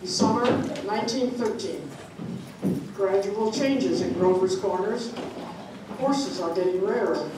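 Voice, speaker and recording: A woman's voice: mid-range voice, takes it slowly, natural voice. A folksy small-town stage manager chatting plainly to the audience, read by a woman. It is an amateur play reading, caught in an echoey room from a distance with noise underneath. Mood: easygoing. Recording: echoey room, mic far off, background noise.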